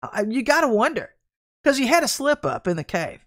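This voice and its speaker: A woman preaching an informal online sermon, talking frankly and conversationally and telling lively stories from her own life. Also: fairly high pitch, brisk. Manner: candid, conversational, animated storytelling. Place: at home, in front of a camera.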